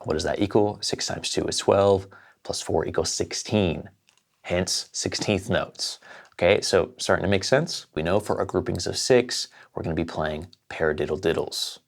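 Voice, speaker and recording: Gravelly low-voiced drum teacher. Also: male voice, normal speed. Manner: explains step by step, counts aloud. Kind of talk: casual lesson.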